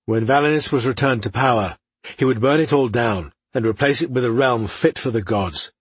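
A man narrating a fantasy audiobook in a measured, even, scripted delivery. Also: mid-range voice, husky, no echo.

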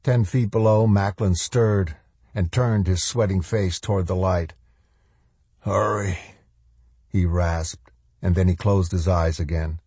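A man narrating a novel in an audiobook with measured, even storytelling. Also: deep voice, husky, no room sound.

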